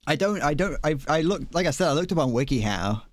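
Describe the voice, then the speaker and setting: A man's voice: on the high side, lively intonation, fast, slight background noise. A young British man streaming live, chatting casually in a rambling, self-deprecating way with frequent chuckles, close to a desk microphone. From Britain. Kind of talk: casual chat while gaming live.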